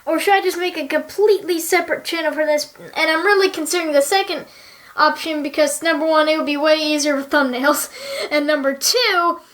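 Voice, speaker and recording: High-voiced bubbly young woman vlogging. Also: fairly even intonation, brisk, fairly bright tone. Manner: bubbly, chatty, earnest. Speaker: YouTuber. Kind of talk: casual chat to viewers.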